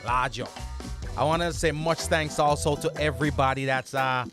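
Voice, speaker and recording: A man with a Jamaican accent hosting a radio and podcast show, energetically rattling off greetings and shout-outs to listeners. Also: on the high side, fairly quick, soft background music.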